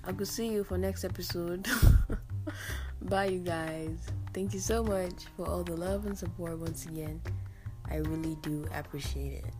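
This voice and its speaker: A woman's voice: lowish voice, fairly even intonation, moderate pace. A woman podcast host signing off her episode in an effusive, chatty way. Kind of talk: casual podcast sign-off. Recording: music playing behind voice.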